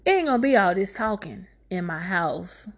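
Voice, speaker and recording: A woman casually recapping a movie plot, cursing freely and breaking into loud, high-pitched outbursts of disbelief. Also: normal speed. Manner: animated, profane, jumps into high exclaiming outbursts.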